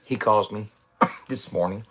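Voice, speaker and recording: A middle-aged website founder rants to camera in a casual, profane way, swearing often and coughing between lines. His voice is on the low side and a bit bright, at a measured pace.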